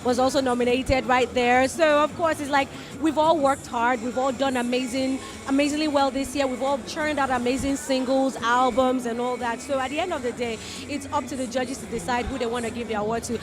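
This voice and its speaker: A woman with a high voice talks in a chatty, relaxed way, as in a casual interview. Loud music plays behind her. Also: fairly quick, hardly any pauses. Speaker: nominated musician.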